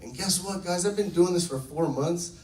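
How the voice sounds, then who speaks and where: This man speaks in a high, darkish voice at a moderate pace, telling a group his network marketing testimonial with enthusiasm and acted-out quotes. He's recorded from afar in an echoey room.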